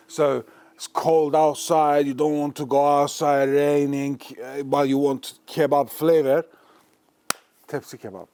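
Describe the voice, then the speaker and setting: A man's voice: a little high, darkish tone, dry recording. A man hosting a cooking show, talking in a slangy, chatty, joking way while he cooks in a kitchen. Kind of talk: casual cooking demonstration.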